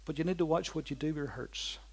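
A preacher with a notably high voice delivers his sermon in bold, dynamic waves. He rises to loud outbursts, then sinks into slow, near-hushed lines. Repeated phrases land with a steady rhythmic insistence. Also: husky. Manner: repetitive, rhythmic emphasis.

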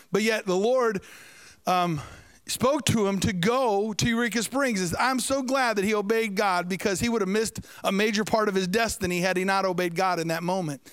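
Male preacher, storytelling sermon, high resonant voice, dry close sound. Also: brisk, fairly bright tone, smooth, dry recording. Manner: storytelling with asides to the congregation.

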